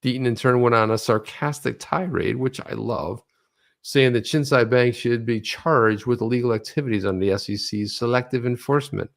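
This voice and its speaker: A man co-hosting a casual livestream chat, animated, telling stories and reading tweets aloud. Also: mid-range voice, moderate pace, creaky. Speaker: co-host of a crypto news livestream.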